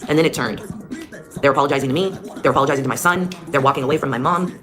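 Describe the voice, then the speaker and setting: A woman's voice: a bass voice, rapid-fire. A woman telling her own story as a mother in a blunt, heated way, with heavy swearing. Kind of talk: personal storytelling. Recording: clear music behind the voice. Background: music.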